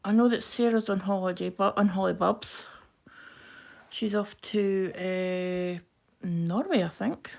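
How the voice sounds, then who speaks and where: A woman with a broad Scottish accent chatting quickly and casually to viewers on a live craft stream while she stitches. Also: mid-range voice, vocal fry, darkish tone. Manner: quick-talking, chatty, self-deprecating. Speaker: craft livestream host.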